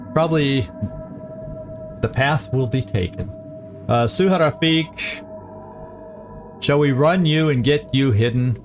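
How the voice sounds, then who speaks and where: Man musing through strategy game tactics. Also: mid-range voice. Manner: thinking aloud, tactical, self-correcting. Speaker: gaming channel host.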